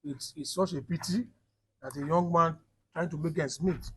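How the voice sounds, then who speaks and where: A man's voice: fairly high pitch, moderate pace, breathy edge, rough recording. A man with a Nigerian accent, a human rights activist giving a firm statement in the field.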